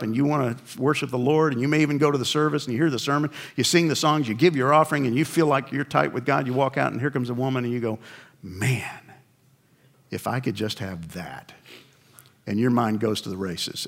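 A man's voice: mid-range voice, a bit bright. An older male pastor preaching a sermon in a conversational storytelling way, with wry acted asides.

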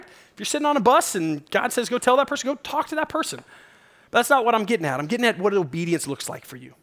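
A man's voice: high voice, fairly bright tone. Conversational man preaching a sermon. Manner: casual, conversational preaching with storytelling; emphatic, urging the listeners directly. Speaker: pastor.

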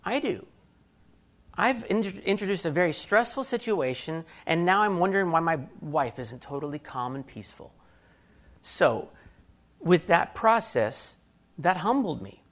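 A man's voice: on the high side, expressive, unhurried, a bit bright. A man, around his thirties, telling a candid, self-deprecating story about his marriage and acting out his own thoughts. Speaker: speaker sharing a marriage story. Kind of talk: personal storytelling talk.

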